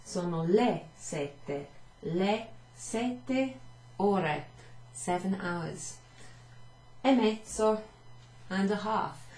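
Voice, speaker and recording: A woman's voice: mid-range voice, lively intonation, extremely slow, darkish tone, reverberant, rough recording. A woman language teacher talking through a recorded class summary, chatty and self-mocking, walking through Italian phrases at a whiteboard. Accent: Welsh. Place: home room with a whiteboard. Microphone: camera across the room.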